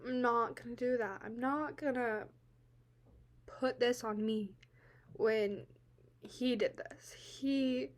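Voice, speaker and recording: A young woman telling a personal account to camera, halting and teary-eyed, full of filler words, swinging between quiet and loud. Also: on the high side, fairly even intonation. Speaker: vlogger.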